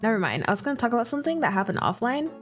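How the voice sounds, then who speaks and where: A young woman streaming and chatting casually, swearing freely and laughing often, deliberately pushing her recovering voice lower. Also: sing-song, faint music behind. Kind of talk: casual chat.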